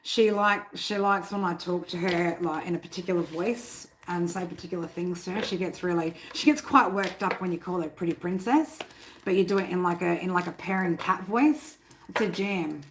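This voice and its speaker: A woman's voice: on the low side, moderate pace, rough recording. A woman hosting a casual live tarot stream from home. She talks loosely, swears freely and keeps breaking off to scold her cats. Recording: steady background noise. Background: noise and cats.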